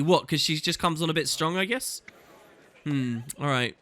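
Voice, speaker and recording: A man's voice: sits high, lively intonation, moderate pace, bright, forceful tone. A man hosting a let's play, chatting casually and thinking aloud over game music.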